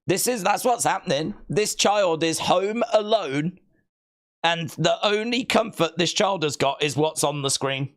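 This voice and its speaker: A man's voice: medium pitch, a little slow. A man hosting a live stream, chatting casually, reading viewer comments aloud and playfully mock-scolding viewers he calls kids.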